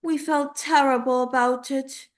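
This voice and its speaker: A woman performing a dramatic monologue as the ghost of a young woman, tender and pleading, with halting delivery. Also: high voice, steady tone. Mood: grieving, wistful.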